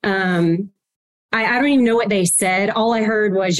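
Woman guest telling a big story, animated, acts out what people said. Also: mid-range voice, unhurried. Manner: animated, emotional retelling with quoted dialogue. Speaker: podcast guest. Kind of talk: storytelling in a casual interview.

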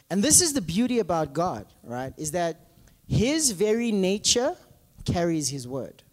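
A male pastor preaches in an animated, conversational way, often checking in with his listeners. His voice sits high and swings widely in pitch. It carries a long reverb, as if in a large hall. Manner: animated, asks congregation often, many fillers. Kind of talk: conversational sermon with stories.

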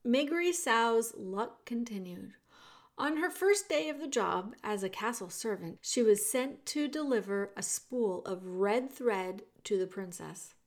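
A woman reading a children's novel aloud in a slow, measured way. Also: on the high side, expressive. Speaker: reader.

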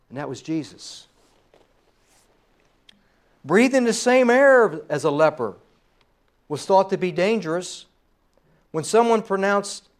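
High-voiced man preaching a sermon. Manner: preaching with rising emphasis and trailing pauses. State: slightly hoarse. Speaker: pastor.

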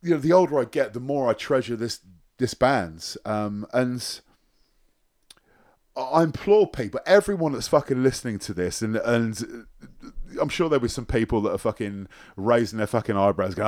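A man as a podcast guest, talking in a rambling, halting way and swearing often. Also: medium pitch, expressive, a little mellow. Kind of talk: casual chat.

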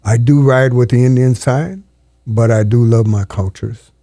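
A man in his seventies, a storyteller, talking in an interview in an earnest, halting way with frequent restarts, in a studio. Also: medium pitch, mellow, dry recording. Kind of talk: reflective interview talk.

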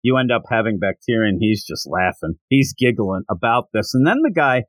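A man hosting a podcast, casually retelling a comic chapter with amused asides and quick voice impressions. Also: fairly low pitch, big pitch swings, no room sound. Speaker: podcast host. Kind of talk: casual manga recap.

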